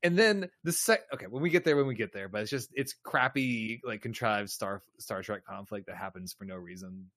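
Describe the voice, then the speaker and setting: A man's voice: on the low side, lively intonation, a little fast, hardly any pauses, a bit bright, no echo. A man co-hosting a podcast in casual chat, joking and often stumbling over repeated words. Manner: stammering, jokey, repeats words. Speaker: podcast co-host.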